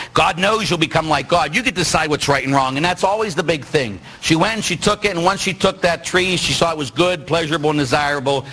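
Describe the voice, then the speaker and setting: Animated, jokey preaching priest. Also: male voice, medium pitch, husky, low-quality recording. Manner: animated, jokey preaching with rhetorical questions and acted-out quotes. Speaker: Catholic priest. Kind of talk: sermon.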